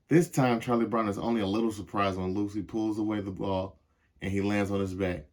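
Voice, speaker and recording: Young man reading a children's story. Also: fairly low pitch. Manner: measured, expressive read-aloud. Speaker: storybook reader. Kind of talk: reading a picture book aloud to children.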